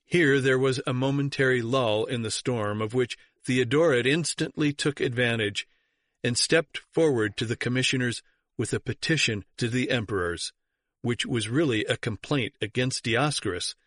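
A man reading church history aloud as an audiobook narrator, measured and even, lifting his voice for the quoted shouts. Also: medium pitch, no echo, clean studio sound. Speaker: reader.

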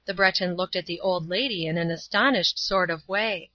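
A woman narrating a story aloud as an audiobook reader, in a steady, even storytelling way. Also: fairly low pitch, normal speed, dry recording, lo-fi sound. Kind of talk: scripted narration.

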